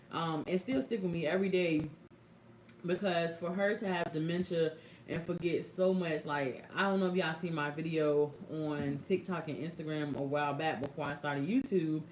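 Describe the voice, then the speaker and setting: A young woman caregiver telling stories on a live stream, speaking AAVE and talking to viewers in a lively, chatty way. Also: fairly low pitch, slight background noise. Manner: animated, chatty, addresses viewers as y'all and baby. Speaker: caregiver vlogger. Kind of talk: casual live-stream storytelling. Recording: echoey room.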